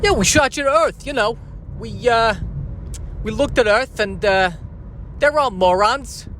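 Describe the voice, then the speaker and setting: A brash, streetwise alien dad with a thick New York accent, as a comedian puts him on, his voice pushed well up in pitch. He talks in an easygoing, shrugging way, like nothing is a big deal. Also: measured pace, a bit bright, a little hiss or hum.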